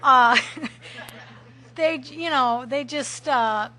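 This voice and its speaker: A middle-aged woman telling a lively personal story at a recovery meeting, laughing often and acting out shouts. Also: high voice, very slow. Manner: animated, laughing, acts out shouted quotes.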